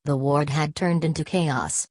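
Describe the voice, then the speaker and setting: A woman narrating a novel as an audiobook in an even storytelling read. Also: deep voice, unhurried, no room sound. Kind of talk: scripted narration.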